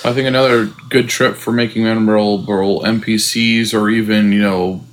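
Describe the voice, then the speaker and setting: A man's voice: lowish voice, moderate pace. Laid-back man chatting on a game podcast. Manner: relaxed, laughs often, many fillers. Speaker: game master and podcast co-host. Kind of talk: casual podcast chat about tabletop games.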